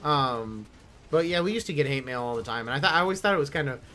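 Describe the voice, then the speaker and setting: Bright-voiced rambling male gaming streamer. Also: mid-range voice, quick pace, slight background noise. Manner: rambling, animated storytelling with mimicked quotes; swears freely. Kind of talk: casual gaming stream chat.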